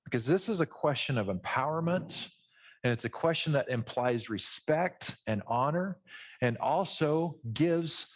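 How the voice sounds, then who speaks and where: Speaking at a measured pace with a slightly high voice, this middle-aged pastor gives a lively, conversational sermon on a Bible passage, slipping into acted-out voices during asides.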